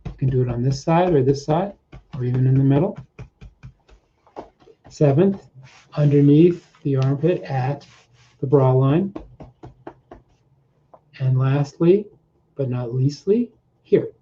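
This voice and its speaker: A man's voice: medium pitch, slow pace, pauses often. A man coaching viewers through a tapping routine, checking in often with "okay?" and repeating short phrases as he demonstrates, on a dull, slightly noisy recording. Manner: repetitive, coaching with frequent "okay?" check-ins. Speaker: mindset coach. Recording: dull lo-fi sound with faint noise.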